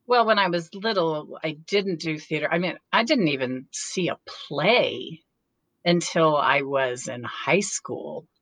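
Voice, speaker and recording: Middle-aged actress, interview guest, deep low register, dry close sound, chatty anecdotal delivery. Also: female voice, measured pace, a bit bright, dry recording. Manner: chatty storyteller, laughs often. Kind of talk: casual interview chat.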